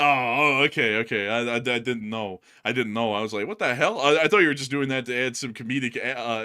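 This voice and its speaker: Male host, chatty rambler, stammers, bright forward tone. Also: medium pitch. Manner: rambling, filler-heavy, stammers. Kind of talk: casual chat.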